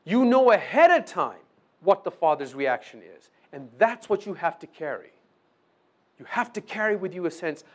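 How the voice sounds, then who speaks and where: A man's voice: high voice, very animated, normal speed. A man preaching a conversational sermon, often checking in with his listeners and acting out short exchanges. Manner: acts out short dialogues with the accuser. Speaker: pastor.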